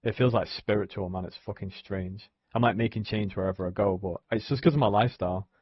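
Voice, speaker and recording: A man's voice: on the low side, fast, breathy edge, no echo, lo-fi sound. A young man, rambling casually on a live stream, swearing often and filling gaps with "you know what I mean". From England.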